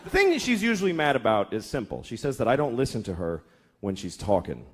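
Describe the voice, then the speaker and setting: A man's voice: medium pitch, huge pitch swings, fast, breathy edge. A man doing a profane stand-up comedy routine, acting out characters in shifting voices. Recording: live club with crowd and faint noise.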